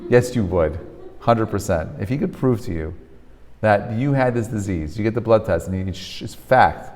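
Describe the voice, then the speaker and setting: A man teaching a class as a rabbi. He talks in an animated way, often checks with "right?", and mixes Hebrew terms into English. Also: fairly low pitch, moderate pace, big-room sound. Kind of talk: lecture to a live class. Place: lecture hall with a live audience.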